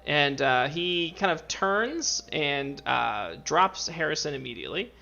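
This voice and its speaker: A man narrating as game master of an online tabletop game, with a bright, gravelly voice. He rambles through his descriptions and often stops to restart a sentence. His stream audio is a little dull and lo-fi. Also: fairly high pitch, big pitch swings, unhurried. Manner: rambling, full of fillers and restarts.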